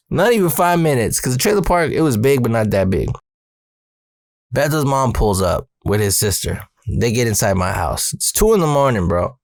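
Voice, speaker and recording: Male storyteller, mid-pitched, slangy and profane, dry close mic. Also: big pitch swings, normal speed, creaky, no echo. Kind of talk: casual personal storytelling.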